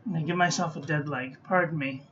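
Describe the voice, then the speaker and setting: A sleepy woman giving dry, low-key commentary while testing ink on paper. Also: quick pace, a little hiss or hum. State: sleepy, yawning. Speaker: stationery reviewer. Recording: dull lo-fi recording.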